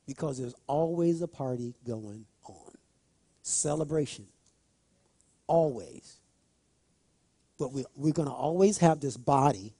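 A male preacher delivering a sermon, repeating phrases and rising into loud emphatic bursts as he speaks straight to the congregation. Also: medium pitch, unhurried, long pauses, slightly rough, no room sound. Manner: talks directly to the congregation.

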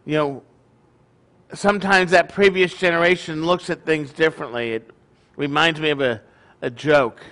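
A man's voice: on the high side, steady tone, normal speed, a bit bright. A middle-aged man leading his congregation with a folksy, joking sermon, often poking fun at himself. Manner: folksy, joking, self-deprecating. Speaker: congregation leader.

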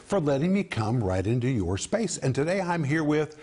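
A man's voice: fairly high pitch, very animated, moderate pace, darkish tone, slightly rough. An older man hosting a televised Bible teaching, speaking in an earnest, emphatic way as he urges viewers to respond.

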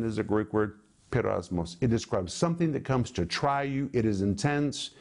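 A man's voice: fairly high pitch, a little mellow. Emphatic man teaching from the Bible. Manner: emphatic, explains Greek words slowly, rising and falling for stress. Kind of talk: televised sermon.

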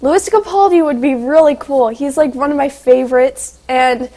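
A teenage girl chatting in an interview, telling excited stories full of "like" and "um". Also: sits high, normal speed. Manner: chatty, filler-heavy, excitable storytelling. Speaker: guest, young singer and actress. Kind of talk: casual interview chat.

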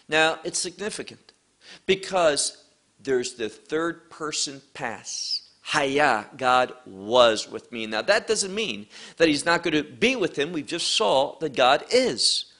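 A male pastor leads an evening Bible study, reading verses and unpacking Hebrew terms. He speaks very slowly and deliberately, in a bright, forceful voice pitched a little above the usual for a man. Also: expressive. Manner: slow and deliberate, reads scripture aloud and explains Hebrew words.

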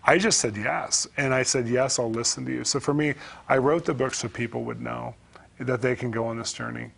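A man's voice: mid-range voice, steady tone, vocal fry, a bit bright. A man as a guest author, earnestly telling stories from his life in an interview. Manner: fast, earnest storytelling.

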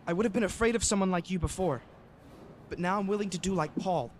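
An actor playing an eager eighteen-year-old convert, earnest and polite in a radio drama. His voice sits very high, with faint noise under the recording. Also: fast talker, natural voice. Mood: earnest pleading. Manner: earnest, polite, says sir often.

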